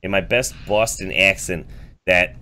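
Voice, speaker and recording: A man's voice: low-pitched, measured pace, a little hiss or hum. A man co-hosting a podcast, telling stories casually with some swearing. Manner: relaxed, swearing, storytelling. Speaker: podcast co-host. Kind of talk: casual chat.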